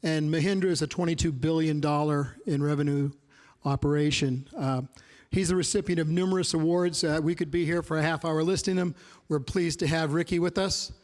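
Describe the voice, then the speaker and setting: Man, panel moderator, steady bio reading, slightly high voice, long hall reverb. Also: brisk. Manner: steady, reads bios. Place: event room before an audience.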